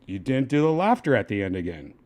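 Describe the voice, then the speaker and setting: A man hosting a casual livestream who talks in a pushy, halting way and keeps restarting his sentences. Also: mid-range voice, very animated, darkish tone. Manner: pushy, halting, repeats himself. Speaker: livestream host.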